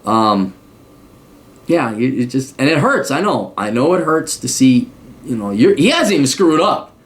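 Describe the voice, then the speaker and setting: A man's voice: medium pitch, very animated, a little slow. A middle-aged man hosting an advice podcast, talking bluntly and sarcastically and acting out mock quotes. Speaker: podcast host giving advice. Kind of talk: casual advice monologue.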